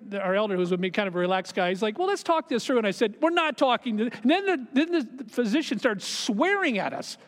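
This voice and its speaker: Middle-aged male pastor, higher voice, storytelling sermon, swings from hushed to emphatic; church hall echo. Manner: storytelling, shifts between quiet asides and emphatic raised lines. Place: church sanctuary. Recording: long hall reverb of a church.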